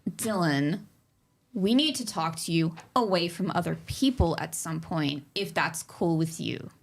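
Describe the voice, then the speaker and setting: A woman's voice: fairly low pitch, a little slow, creaky. Hesitant woman player. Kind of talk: tabletop role-play.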